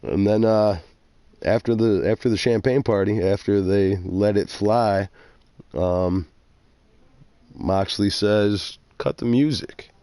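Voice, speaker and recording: A man's voice: fairly low pitch, slow pace, pauses often, clear, resonant tone, no room sound. A man co-hosting a podcast, casually recapping a wrestling show, swearing and acting out quotes. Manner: animated, swears, acts out quotes. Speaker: podcast co-host. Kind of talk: casual wrestling review chat.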